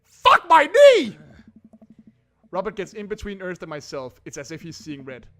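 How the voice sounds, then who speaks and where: A man's voice: on the high side, lively intonation, fast. A young man casually narrating a dating game playthrough in a wry, jokey manner. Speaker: gameplay narrator. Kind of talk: let's play narration.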